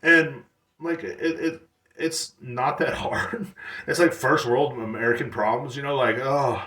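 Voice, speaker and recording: A man's voice: medium pitch, unhurried, sharp tone, reverberant, distant mic. A man hosting a podcast alone, rambling casually with blunt profanity and slang. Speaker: podcast host. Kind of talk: casual solo rant.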